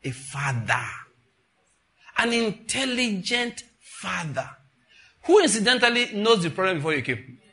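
Bright-voiced pastor preaching. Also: male voice, sits high, a little slow. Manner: animated and conversational, acting out dialogues. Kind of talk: sermon.

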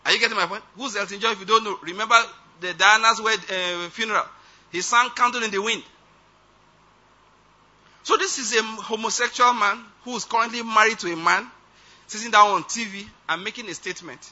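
Preacher guy, high bright husky voice, keeps asking if you get his point, muffled lo-fi audio. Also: brisk. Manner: conversational, asks listeners if they follow. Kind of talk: sermon. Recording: dull lo-fi sound.

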